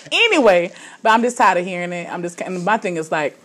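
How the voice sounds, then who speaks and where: Low-voiced frank woman chatting. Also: sing-song, a little fast, a bit bright. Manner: frank, opinionated, storytelling with many restarts. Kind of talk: casual chat.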